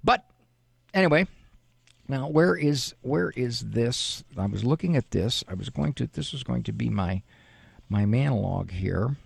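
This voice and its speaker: A middle-aged man hosting a radio advice show, talking in a casual, animated, folksy way. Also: medium pitch, measured pace, vocal fry, breathy edge, no room sound. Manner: animated, folksy, acts out parents' quotes. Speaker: radio show host and psychologist.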